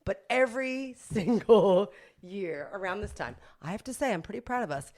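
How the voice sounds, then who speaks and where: A woman's voice: mid-range voice, lively intonation, moderate pace, darkish tone. A middle-aged woman, a boutique owner and podcast guest, telling stories in a chatty, self-mocking way and laughing often. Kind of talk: casual interview storytelling.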